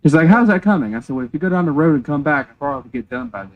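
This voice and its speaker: A man's voice: on the high side, very fast, muffled recording. A man, chatting on a game stream and telling a joking, rambling story with casual swearing. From North Carolina, USA.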